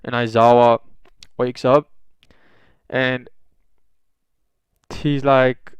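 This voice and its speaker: A man's voice: mid-range voice, fairly even intonation, unhurried, clear, resonant tone, no echo, lo-fi sound. A young man casually improvising a fan fiction story, rambling with lots of swearing and fillers.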